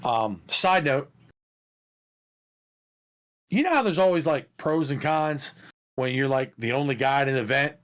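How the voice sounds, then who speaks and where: A man co-hosting a podcast who tells stories in a casual, animated way, swearing and laughing as he goes. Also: mid-range voice, unhurried, long pauses. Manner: animated, profane, laughs through his stories. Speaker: podcast co-host. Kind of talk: casual storytelling chat.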